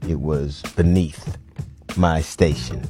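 A man hosting a radio show, chatting casually in an animated, joking way with frequent restarts. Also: extremely low pitch, slow pace, over loud music. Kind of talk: casual talk-radio banter.

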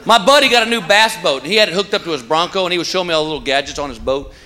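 A man's voice: fairly high pitch, animated, very fast, pushed and bright. A man doing folksy stand-up comedy before a live audience, telling stories that build to a repeated punchline. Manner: folksy storytelling with punchline refrains. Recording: live stage audio with crowd noise.

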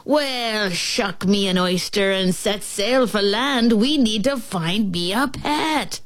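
A woman voicing a gruff, blustery male pirate captain in a storybook reading, with drawling pirate talk. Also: medium pitch, slow pace, close to an everyday voice.

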